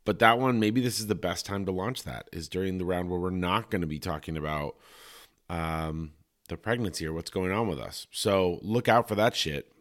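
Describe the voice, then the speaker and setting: A man with a fairly low voice talks alone on his podcast in a loose, casual way. He speaks candidly and reflectively, with plenty of fillers and offhand swearing. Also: normal speed. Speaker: podcast host. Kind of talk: solo casual podcast talk.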